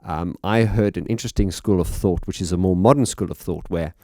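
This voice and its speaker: A man's voice: deep voice, brisk, no room sound, clean studio sound. A man analysing a song as a music teacher, talking thoughtfully and with enthusiasm. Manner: thoughtful, warm enthusiasm, sings short demonstration phrases.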